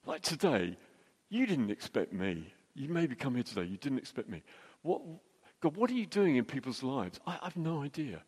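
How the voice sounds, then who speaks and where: A middle-aged man telling a jokey, anecdotal story as a church speaker, with quick restarts. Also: medium pitch, big pitch swings, darkish tone, breathy edge. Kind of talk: storytelling sermon. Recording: long hall reverb.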